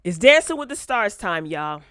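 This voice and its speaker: A woman hosting a casual pop culture commentary show, animated and sassy, talking straight to her viewers on a close mic. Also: medium pitch, normal speed, clean tone, no echo. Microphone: close desk mic.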